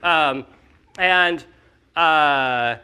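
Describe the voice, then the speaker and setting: A man speaking casually at a conference, animated and full of fillers, acting out the skeptics he quotes. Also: a little high, extremely slow, clear, resonant tone. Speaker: company founder speaking at a conference.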